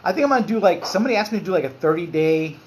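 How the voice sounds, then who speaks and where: A man's voice: high-pitched, animated, racing, a little hiss or hum. A man in his forties hosting a casual livestream, loose and candid, swearing and reading out viewer comments. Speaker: livestream host.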